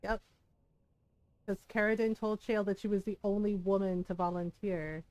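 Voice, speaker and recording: A woman streaming a video game, chatting casually in an animated, gushing way, laughing often and swearing freely. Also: medium pitch, moderate pace, no echo, rough recording.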